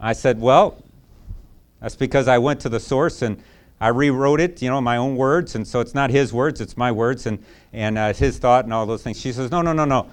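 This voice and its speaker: A man's voice: medium pitch, moderate pace, clean tone. Folksy man preaching with a personal story. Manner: storytelling, repetitive and folksy, building to emphatic preaching.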